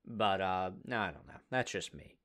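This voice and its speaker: A man's voice: sits low, animated, normal speed, fairly bright tone, clean tone. A man co-hosting a sports podcast, chatting casually, joking and laughing often. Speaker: podcast co-host.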